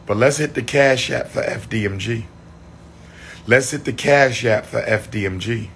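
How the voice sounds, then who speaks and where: A man chatting on a livestream, losing his voice, repeating shout-outs to his viewers. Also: medium pitch, moderate pace, vocal fry, a little hiss or hum. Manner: repetitive, call-and-response shout-outs to viewers. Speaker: livestream host. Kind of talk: casual livestream chat.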